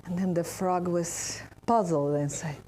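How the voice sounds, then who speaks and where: A woman with a Brazilian Portuguese accent giving an interactive spiritual talk to an audience. She pauses and restarts often while searching for words. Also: on the low side, steady tone, dark tone, slight background noise. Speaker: speaker at a spiritist center.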